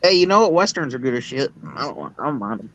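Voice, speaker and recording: A man chatting casually on a group call, rambling and trailing off into quiet asides. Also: mid-range voice, big pitch swings, fast, no room sound, dull audio. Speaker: livestream participant.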